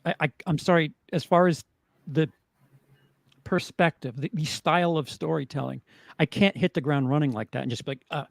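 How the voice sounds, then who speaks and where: A man with a higher, gravelly voice chatting as a co-host, animated and acting out the lines he quotes. The sound is dry and close. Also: normal speed, no room sound. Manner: animated, acts out quoted reactions. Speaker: podcast co-host. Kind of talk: casual chat.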